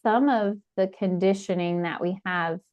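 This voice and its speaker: A woman's voice: medium pitch, a little slow, darkish tone. A woman hosting a podcast, speaking thoughtfully in casual conversation. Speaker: podcast host.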